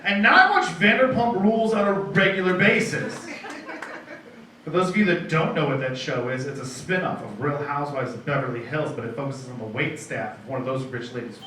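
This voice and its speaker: A man's voice: on the high side, animated, brisk, recorded from a distance. A young man doing a rambling, self-deprecating stand-up set at a bar comedy night, with restarts and asides to the crowd. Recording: very echoey room, mic heard from afar, faint noise.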